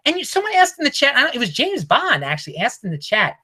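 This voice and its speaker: A man with a Baltimore accent hosting a casual vlog, rambling and excitable with frequent restarts. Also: very high voice, fast, slightly rough. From Baltimore, United States. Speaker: cryptocurrency video host.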